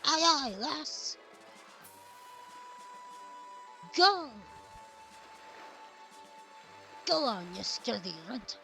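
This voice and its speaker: A woman voicing rowdy male pirates in a loud, growled pirate dialect, reading a game's dialogue aloud. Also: high voice, measured pace, gravelly, soft background music, full character voice, poor audio. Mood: menacing. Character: gruff blustering male pirate crew.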